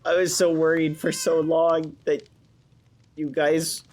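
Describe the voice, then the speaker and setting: A young man voices his character in a game-server roleplay, full of gasps and joyful exclamations. He talks in slow, drawn-out phrases. He is close on the mic. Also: fairly high pitch, monotone, darkish tone. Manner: gasping, overjoyed, exclamatory. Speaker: streamer playing a roleplay character.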